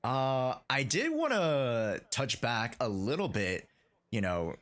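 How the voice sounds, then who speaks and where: A man hosting a streamed interview, asking questions in a relaxed way with many fillers and restarts. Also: mid-range voice, slow pace. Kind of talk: casual interview.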